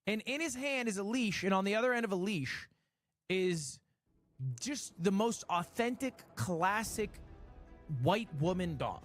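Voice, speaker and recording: A man's voice: measured pace, dry recording, soft background music. A man in his late twenties telling a funny story in a casual streamer way, with wry asides. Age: 20s. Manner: animated, wry storytelling with swings in pitch.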